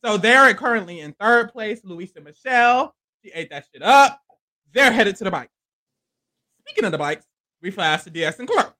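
This is an expressive co-host whose pitch swings all over the place as the stories unfold. The tone is bright and forward, with frequent laughter. The talk is loose, slangy and profane, delivered as a casual recap. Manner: animated and playful, laughing often, acting out quotes. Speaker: podcast co-host. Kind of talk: casual reality-show recap chat.

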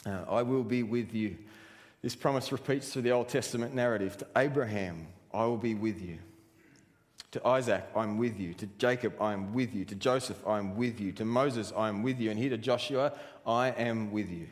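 A man's voice: on the low side, normal speed. A man preaching a sermon in a church, earnest and driving his points home with rhetorical questions. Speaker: pastor. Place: church hall. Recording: reverberant church hall.

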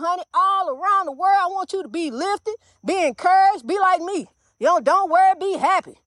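A woman's voice: extremely high pitch, fairly bright tone, no echo, clean studio sound. An older woman minister preaching fervently, repeating herself and calling her listeners honey. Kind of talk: inspirational preaching monologue.

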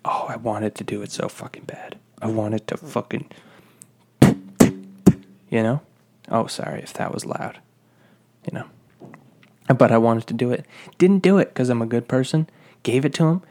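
A young man ranting casually, telling a profane, rambling, exasperated story about a fast-food job. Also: medium pitch, a little mellow, slight background noise.

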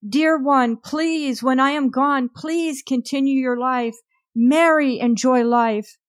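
A woman tells a past-life story in a slow, unhurried, emotional way. Her voice sits somewhat high. The recording is close and dry, with no room sound. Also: no room sound. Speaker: narrator. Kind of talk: first-person past-life narration.

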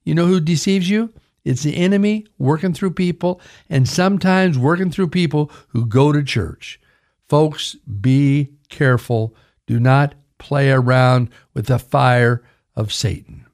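Older male preacher, fairly high voice, emphatic radio sermon. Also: animated, a little slow. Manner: preachy, emphatic, addresses listeners as folks. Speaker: pastor. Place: radio broadcast.

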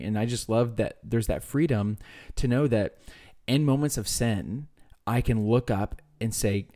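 A man's voice: mid-range voice, unhurried, dark tone. A young man co-hosting a faith podcast, talking casually and rambling with lots of fillers and restarts. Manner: rambling, hesitant, many fillers. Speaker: podcast co-host.

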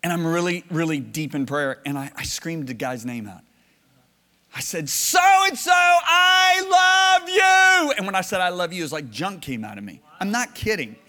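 A man preaching a sermon, telling stories and swinging from low, hushed lines to loud shouted bursts. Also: animated, a little fast, long reverb tail.

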